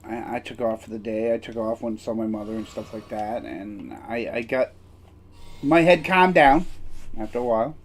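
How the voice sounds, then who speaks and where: A man's voice: lowish voice, normal speed. A man streaming who tells a personal story in a candid, rambling way. He is emphatic and blunt, and keeps checking in with "right?". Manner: candid and blunt, occasional swearing. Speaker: game streamer.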